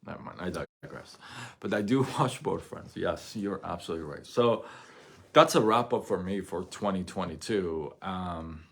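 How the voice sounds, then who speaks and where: A middle-aged man with a deep, low voice talks straight to his viewers on a casual livestream. He speaks candidly and rambles, restarting his sentences and chuckling between thoughts. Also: normal speed, vocal fry. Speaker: live-stream host.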